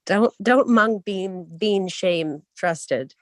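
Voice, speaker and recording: A woman chatting on a group voice call, quick and gushing as she talks. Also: mid-range voice, animated, no room sound. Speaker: call guest. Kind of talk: casual group call chat. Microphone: online voice call.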